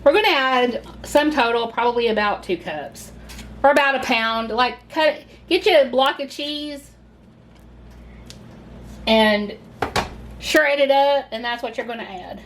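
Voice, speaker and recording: A woman's voice: a little high, measured pace, pauses often, a bit bright, a little hiss or hum. A Southern woman hosting a casual home cooking video, chatty and gushing as she talks viewers through the steps. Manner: chatty and gushing, says y'all a lot. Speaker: cooking channel host.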